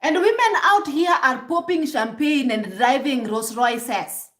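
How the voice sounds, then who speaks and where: A Kenyan woman vlogger with a high, expressive, slightly bright voice speaks a little slowly in a reverberant space. Addressing the camera directly, she gives emphatic, preachy relationship advice, prodding viewers with rhetorical "hmm?" questions and frequently restarting her sentences.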